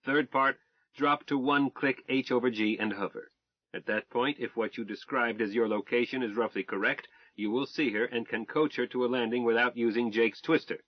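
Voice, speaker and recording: A man's voice: medium pitch, normal speed, dry recording, close to an everyday voice. A man voicing a confident husband in an audiobook, wry and coaching in a teasing way, on a dull, dry recording.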